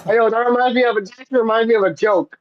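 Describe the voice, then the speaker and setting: A man's voice: extremely high pitch, fairly even intonation, fast, highs cut off, slight background noise. A man guesting on a livestream, chatting casually and telling crude jokes. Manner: joking, tells crude jokes.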